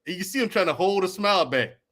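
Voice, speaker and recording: A man who served in the army, a guest on a casual podcast, telling animated stories and laughing as he goes. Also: high voice, fast.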